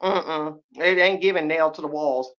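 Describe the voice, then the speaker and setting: A sassy woman host chatting on a live podcast stream, laughing often and stretching her exclamations. Her voice sits a little low. The sound is slightly muffled and lo-fi. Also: fairly bright tone. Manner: drawn-out exclamations and slangy asides. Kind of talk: casual live-stream chat, reacting to viewers.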